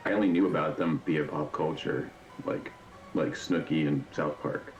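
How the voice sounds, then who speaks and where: A man's voice: very deep voice, fairly even intonation, moderate pace, reverberant, dull audio, faint music behind. A man co-hosting a podcast in casual chat, wry and joking. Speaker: podcast co-host.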